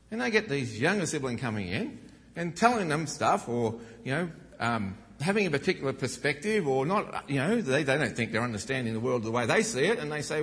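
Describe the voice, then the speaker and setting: A middle-aged man preaching a sermon, retelling a Bible story and acting out the quoted lines with his voice rising. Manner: animated, acts out quoted lines with rising pitch. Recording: long reverb of a hall.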